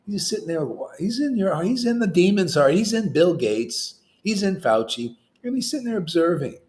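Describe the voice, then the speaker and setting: A man preaching an informal devotional sermon, animated and chatty, slipping into slang and chuckling between points. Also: sits high, normal speed. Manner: animated, acts out quoted voices; chuckles often, casual slang. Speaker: spiritual teacher.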